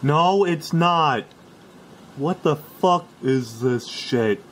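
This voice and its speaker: A man's voice: a little high, lively intonation, drawn-out words, fairly bright tone, a little hiss or hum. Man ranting with profane sarcasm. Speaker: video creator being rebutted.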